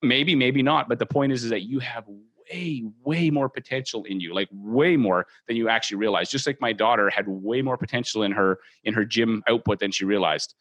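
A man's voice: mid-range voice, normal speed, fairly bright tone. A man hosting a training podcast, speaking earnestly and encouragingly to his listeners as a mortgage brokerage trainer. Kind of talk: motivational training talk.

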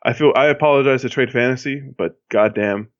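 A man from Miami chats casually as a podcast co-host. He rambles, full of fillers and restarts. His voice sits at an ordinary middle pitch and comes through a dull, lo-fi recording. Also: fairly quick, no echo. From Miami, Florida. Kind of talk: casual chat. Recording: dull lo-fi sound.

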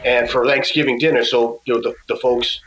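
A male guest musician telling a casual story in a halting way, with many restarts and laughs. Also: medium pitch, little pitch movement, a bit bright, reverberant, a little hiss or hum, low-quality recording.

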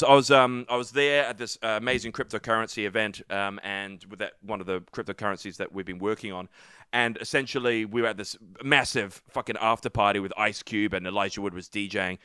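A man's voice: on the low side, sharp tone, clean tone, no room sound, studio quality. A young man, casually chatting and swearing as a podcast co-host, rambling through stories. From New Zealand. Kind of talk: casual chat.

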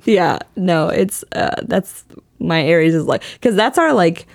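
Low, dry-voiced young woman chatting. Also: expressive, a little slow, creaky, a little mellow, no echo. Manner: rambling, laughs often, many likes and restarts. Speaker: podcast co-host. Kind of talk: casual chat about astrology.

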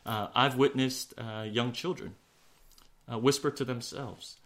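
A man preaching a sermon in an earnest way, slowing for emphasis and sinking to a hush on key words. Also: mid-range voice, steady tone. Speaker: pastor.

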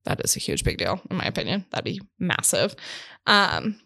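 A woman co-hosting a casual bookstore podcast, playful and quick to laugh. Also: lowish voice, wildly swooping pitch, vocal fry, pushed and bright, husky. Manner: bubbly, giggly, playful. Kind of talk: casual chat.

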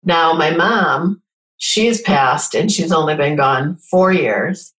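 A middle-aged woman with a deep, low voice tells personal stories earnestly and plays out the dialogue as she goes. The recording carries a lot of room echo. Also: lively intonation, takes it slowly, a bit bright. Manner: earnest storytelling, acts out quoted dialogue. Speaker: guest sharing personal stories. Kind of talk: casual conversation.

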